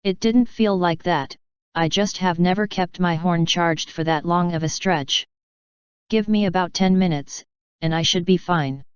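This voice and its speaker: A woman voicing an earnest young female crystal pony in a storybook reading, gentle and sincere. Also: lowish voice, a little slow, clear, resonant tone, no echo, lightly acted. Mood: tired. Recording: dull lo-fi dry recording.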